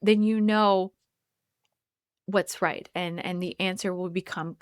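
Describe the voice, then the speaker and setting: A woman hosting a solo wellness podcast, talking in an earnest, halting way with many restarts. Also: fairly low pitch, fairly even intonation, clean tone, no room sound, clean studio sound. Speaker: podcast host. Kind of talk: reflective solo podcast monologue.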